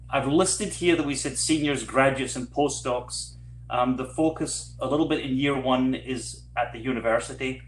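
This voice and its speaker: With a Scottish accent and a mid-range voice, a man gives an online presentation about a fellowship program, speaking conversationally with frequent fillers. The recording is reverberant, with a little hiss or hum.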